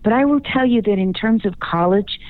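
A woman's voice: mid-range voice, fairly quick, dry recording. A woman from Chicago, a guest speaking coach in a radio interview, giving confident, emphatic advice. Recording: phone-line call.

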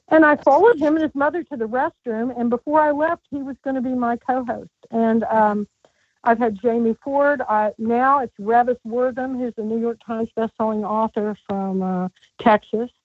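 A woman's voice: a little high, normal speed, no echo. A woman guest author calling in, telling rambling stories with lots of restarts. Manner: chatty, rambling, stammering restarts. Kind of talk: casual storytelling interview. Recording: thin phone-line sound.

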